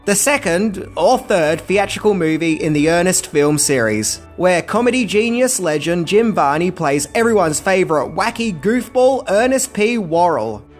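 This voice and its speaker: A man's voice: sits high, expressive, moderate pace, few pauses, faint music behind. A man hosting a comedic trivia video, talking in a playful, jokey way with mock movie-trailer flourishes. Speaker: host.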